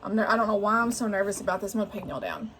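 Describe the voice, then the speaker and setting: A woman's voice: mid-range voice, lively intonation, very fast, a bit bright, a little hiss or hum. A woman, chatting casually and thinking aloud to her viewers while she shows her sewing in a home sewing room. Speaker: sewing vlogger.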